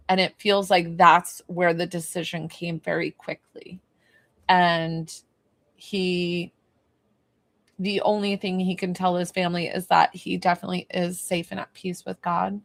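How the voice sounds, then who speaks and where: A woman hosts a live psychic reading and healing stream, her voice sitting at an ordinary middle pitch. She talks in a soft, emotional, rambling way, reassuring her listeners as she goes. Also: steady tone, unhurried. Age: young adult or middle-aged, a mother. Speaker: psychic medium and energy healer, live stream host.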